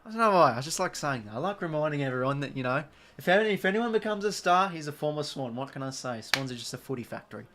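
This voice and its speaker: Young Australian man, slightly high voice, live watch-along caller, excitable and sweary. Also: quick pace, background noise. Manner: excitable, shouts at big moments, swears; chatty asides and thanks to viewers. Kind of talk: live fan commentary.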